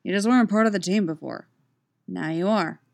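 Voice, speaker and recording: A gruff grown man who coaches a martial arts class , read by a woman narrator, curt and grumbling. He speaks in short, impatient bursts. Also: fairly low pitch, brisk, a little mellow.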